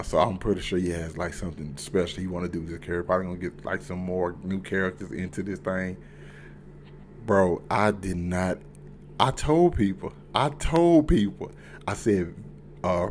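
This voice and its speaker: Excitable profane man reviewing a show. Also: sits low, a little hiss or hum. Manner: excitable, profane, swings from mumbling to loud outbursts. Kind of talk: casual reaction review.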